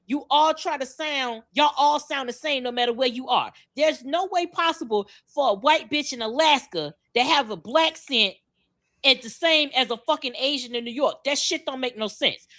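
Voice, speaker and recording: A woman's voice: high voice, normal speed, fairly bright tone. A woman with a Miami accent, co-hosting a podcast in a blunt, profane, emphatic rant. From Miami, Florida. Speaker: podcast co-host.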